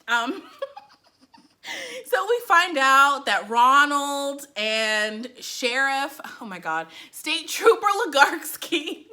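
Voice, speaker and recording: Animated young woman, high bright voice, sarcastic TV reaction, laughs a lot. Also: slow. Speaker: librarian reviewing TV. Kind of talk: casual TV reaction vlog.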